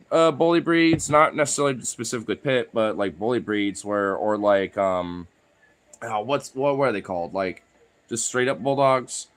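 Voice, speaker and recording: A man vlogging in a rambling, filler-heavy casual chat, now and then talking to his dogs. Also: fairly low pitch.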